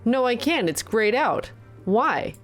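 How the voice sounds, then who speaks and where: A young woman streams a game while chatting casually, exclaiming and thanking viewers as she plays. Her voice is a little high with big swings in pitch, and she takes it slowly. Faint music plays behind her.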